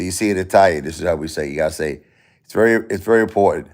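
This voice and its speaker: Brooklyn accent, man, very low voice, livestream host, animated chat with viewers. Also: fast. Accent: Brooklyn New York. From Brooklyn, New York. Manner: animated, reads chat aloud, mock-Italian tough-guy phrases.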